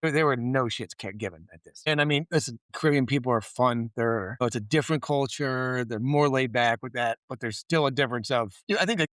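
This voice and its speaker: A man co-hosting a podcast, telling workplace stories in an animated, loose way and swearing freely. His voice sits at an ordinary middle pitch. The sound is dry and close. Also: a little fast, hardly any pauses, no room sound. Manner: animated storyteller, swears freely, acts out quotes. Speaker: podcast co-host. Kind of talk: casual chat.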